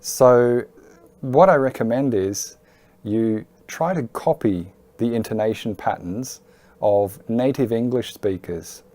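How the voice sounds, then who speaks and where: Male tutor for a lesson video; unhurried delivery, relaxed low timbre, clear patient explanations. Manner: clear, patient, emphatic teaching. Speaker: IELTS teacher. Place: Hong Kong.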